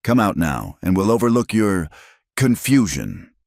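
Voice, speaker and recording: A man's voice: lowish voice, big pitch swings, unhurried, creaky, a little mellow, no echo, clean studio sound, pitched above the performer's own voice, heavily acted. A man voicing a hostile frontier townsman who snarls contemptuously at the people he confronts. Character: hostile frontier townsman leading an armed mob.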